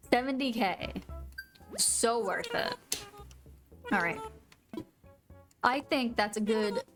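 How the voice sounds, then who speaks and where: A woman live-streaming a video game, chatting casually with viewers and gushing over her pets. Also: mid-range voice. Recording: faint music behind.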